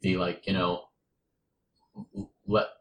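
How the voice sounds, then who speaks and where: A man's voice: low voice, flat delivery, takes it slowly, a little hiss or hum. A man in casual chat about a movie, rambling with many fillers and restarts, and swearing now and then. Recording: roomy echo.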